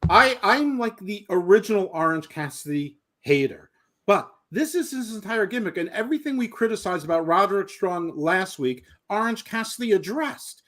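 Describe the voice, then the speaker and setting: A man co-hosting a wrestling review chat, arguing his point quickly. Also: high-pitched, animated, fairly bright tone. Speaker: podcast co-host. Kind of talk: casual chat.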